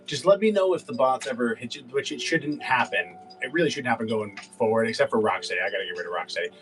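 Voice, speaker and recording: A man's voice: medium pitch, expressive, fast, a bit bright, recorded from a distance, faint music behind, poor audio. A man hosting a casual livestream, rambling and cursing with lots of fillers. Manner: rambling, profane, filler-heavy. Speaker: livestream seller host.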